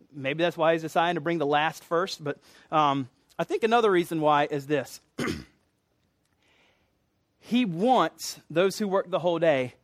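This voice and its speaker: A man's voice: high-pitched, no room sound. A man preaching a casual, conversational sermon, acting out the voices of people in a parable with jokey asides. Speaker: pastor.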